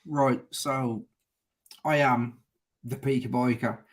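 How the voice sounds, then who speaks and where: Slow-talking Birmingham biker man. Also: mid-range voice, fairly even intonation. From Birmingham area, England. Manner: chatty, repeats and restarts words, calls people mate. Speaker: guest, motorcycle vlogger. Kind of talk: casual live-stream chat.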